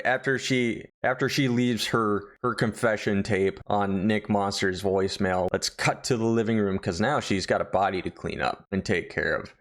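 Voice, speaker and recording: A young adult man reviewing a horror series in a casual, profane, rambling joking style. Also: on the low side.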